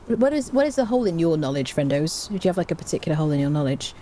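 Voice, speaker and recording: A woman's voice: deep voice, sing-song, racing, warm tone, a little hiss or hum. A woman streaming a game live, chatting casually with her viewers and humming little tunes to herself.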